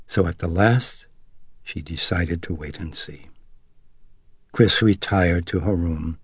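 Steady male storyteller with a deep, husky voice and a dry studio sound. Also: dry recording. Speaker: audiobook narrator. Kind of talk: scripted narration.

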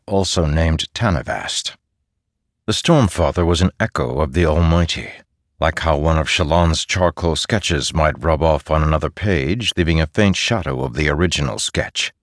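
Man, audiobook narrator, very deep voice, dry studio sound, steady. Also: no room sound. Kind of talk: scripted narration.

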